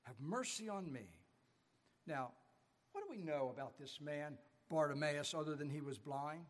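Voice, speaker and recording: A man with a high voice preaches a sermon from the pulpit. He tells stories and leans hard on key words. His voice rings through a church with a long reverb. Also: expressive, moderate pace. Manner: storytelling preacher, rising and falling emphasis. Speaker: pastor. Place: church sanctuary.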